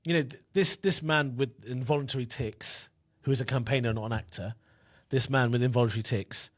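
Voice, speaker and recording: A comedian talking in a deadpan, rambling way during comedy podcast banter. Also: male voice, mid-range voice, brisk.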